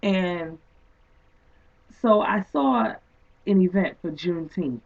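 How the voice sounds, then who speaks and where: A woman author telling a story in an interview, excited and animated, acting out what people said. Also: on the low side, slow pace. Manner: excited, animated retelling with quoted speech. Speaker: guest author and poet. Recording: distant, tinny phone-like sound.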